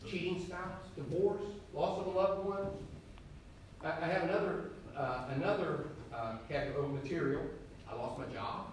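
A man's voice: fairly high pitch, a little hiss or hum. An older man preaching a sermon in a conversational, emphatic way, with sudden rising bursts. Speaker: pastor. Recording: very echoey hall, heard from a distance.

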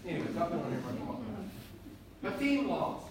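An older pastor preaches a sermon in a conversational yet emphatic style, his slightly high, very animated voice moving briskly and breaking into sudden rising bursts. He's heard from a distance in a very echoey hall with a crowd in the background.

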